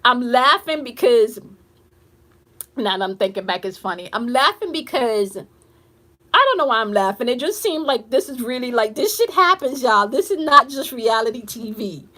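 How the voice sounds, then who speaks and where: A woman with a slightly high, animated voice speaks at a normal pace, her tone pushed and bright. She's an intuitive reader and coach sharing a client story on a casual live stream, talking bluntly, swearing freely and addressing her viewers directly.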